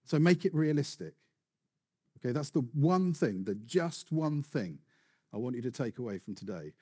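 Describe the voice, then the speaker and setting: A man preaching a sermon with animated, building emphasis and rhetorical questions. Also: medium pitch, moderate pace, breathy edge.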